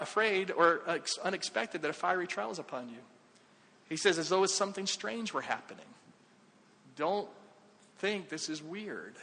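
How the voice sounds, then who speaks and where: A man preaching a conversational sermon, asking the congregation questions and dropping his voice low for emphasis. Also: bright, forceful tone. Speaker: pastor. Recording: long hall reverb.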